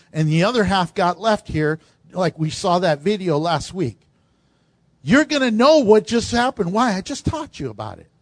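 A man preaching as pastor, animated, acting out the voices of people he quotes. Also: sits high, dry recording. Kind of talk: sermon.

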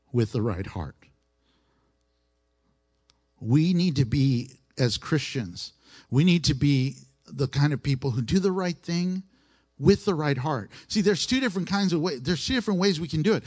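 A man preaching a sermon in a conversational way. He asks the listeners questions and repeats his key phrases. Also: medium pitch.

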